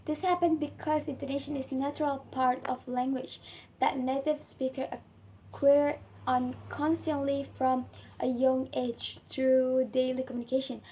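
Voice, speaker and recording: A woman's voice: high voice, level tone, measured pace, dark tone, slight background noise, rough recording. Young Indonesian woman reading her coursework. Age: young adult. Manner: careful, earnest reading with small slips. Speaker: student. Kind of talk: reading a class assignment.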